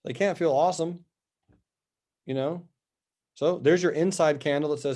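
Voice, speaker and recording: A man's voice: a little high, moderate pace, long pauses, dark tone. A man hosting a live trading show, going over stock charts with upbeat, chatty commentary and answering viewer questions.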